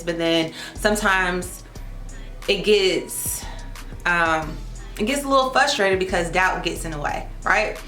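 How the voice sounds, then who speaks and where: A woman's voice: on the low side, unhurried, fairly bright tone. A young woman, a lash artist chatting casually to camera in a vlog and calling her viewers y'all. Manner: chatty and self-teasing, calls viewers y'all. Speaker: licensed esthetician and lash artist. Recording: echoey room with faint music.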